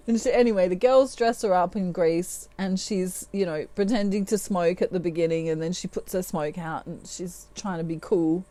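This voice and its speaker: A woman's voice: on the low side, normal speed, warm tone, dry recording. A middle-aged woman giving a tarot reading, laughing often and acting out quoted lines. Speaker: tarot reader.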